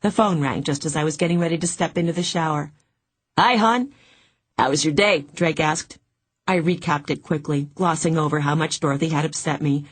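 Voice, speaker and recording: A woman narrating a first-person audiobook in a steady, even reading. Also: deep voice, fairly quick, slightly rough.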